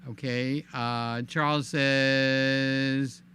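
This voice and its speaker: A man hosting a live stream in casual, animated chat, cooing in baby talk and reading viewer comments aloud. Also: medium pitch, drawn-out words, clear, resonant tone. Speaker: livestream host.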